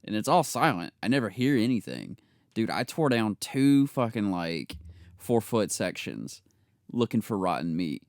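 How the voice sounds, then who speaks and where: A man's voice: on the low side, big pitch swings, normal speed, vocal fry, no echo, studio quality. A young man co-hosting a podcast, telling crude work stories in casual chat, swearing freely and acting out the people in them. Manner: profane storyteller, bursts into loud laughing impressions. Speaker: podcast co-host.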